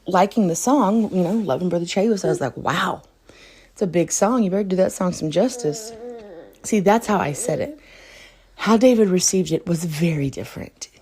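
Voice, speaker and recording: A woman's voice: lowish voice, dark tone, husky. A woman, hosting a casual podcast and telling a story in a chatty, laughing way with many fillers. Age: 30s. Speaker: podcast host.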